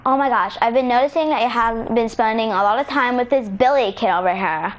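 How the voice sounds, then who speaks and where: A woman's voice: fairly high pitch, a little fast, voice pushed down, lightly acted, rough recording. A woman doing a snooty mean teen girl. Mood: disgusted sneer.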